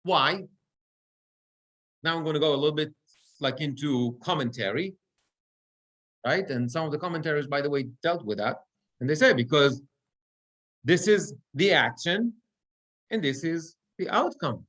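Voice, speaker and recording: A man's voice: a little high, expressive, moderate pace, long pauses, a bit bright, low-quality recording. Man teaching Torah chanting rules. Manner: explanatory, with chanted Hebrew verses. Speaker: cantor teaching Torah reading. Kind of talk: online class lesson.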